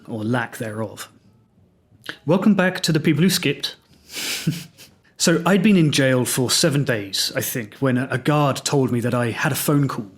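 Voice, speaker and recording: A man's voice: medium pitch, breathy edge. A man from England with an English accent, hosting a solo podcast and telling his own story in a reflective, wry, self-deprecating way. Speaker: podcast host.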